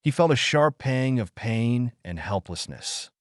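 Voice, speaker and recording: A man's voice: mid-range voice, very animated, a little slow, no echo, clean studio sound. A man narrating a dramatic audio story in a melodramatic, scripted manner.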